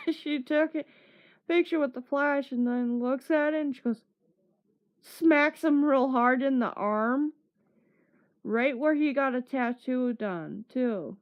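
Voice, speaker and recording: Slow-talking woman telling a story. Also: high voice. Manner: acts out quotes with laughs. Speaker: streamer. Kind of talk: casual storytelling. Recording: dull lo-fi stream audio.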